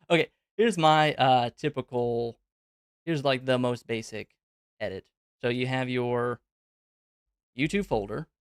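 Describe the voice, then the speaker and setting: A man's voice: medium pitch, slow pace, long pauses, clean tone, dry recording, clean studio sound. Chatty man hosting a live Q&A. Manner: loose and conversational, thinking aloud with many fillers. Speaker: host of a live Q&A stream. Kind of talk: casual live Q&A, explaining on screen.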